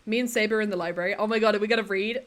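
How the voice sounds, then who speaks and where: Talking rapid-fire in a mid-range, fairly bright voice with mostly even intonation, a woman plays a building game on a live stream. She giggles often and answers her chat between tasks.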